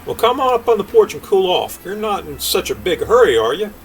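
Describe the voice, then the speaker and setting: A man's voice: high voice, very animated, a little fast, pitched above the performer's own voice. A man playing a folksy old country king. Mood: hospitable. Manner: drawling backwoods speech. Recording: distant mic, faint air-conditioner hum.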